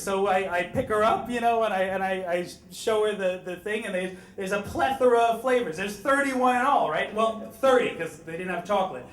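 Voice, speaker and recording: A man's voice: high voice, normal speed, hardly any pauses, a bit bright, reverberant. A man telling a wry, self-deprecating story on stage at a live story slam into a microphone.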